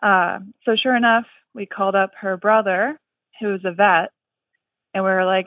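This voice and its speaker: A woman's voice: medium pitch, fairly even intonation, normal speed, no echo. A woman calling in to a radio show, talking casually with lots of fillers over the phone. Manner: chatty, many fillers like "like" and "uh". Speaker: caller. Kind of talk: phone-in chat. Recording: tinny phone line from far off.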